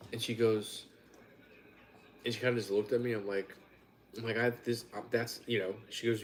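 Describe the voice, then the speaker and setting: A man's voice: on the low side, flat delivery, normal speed, long pauses, slight background noise. A man hosting a casual live-stream chat, telling stories bluntly and wryly and swearing freely. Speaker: host.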